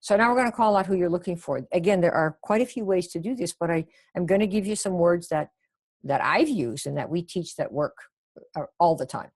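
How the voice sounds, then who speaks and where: Chatty woman coaching, lowish voice. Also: brisk, a little mellow. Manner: chatty, coaching, reacts to chat, acts out sample phone lines. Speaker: sales coach. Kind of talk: live webinar teaching.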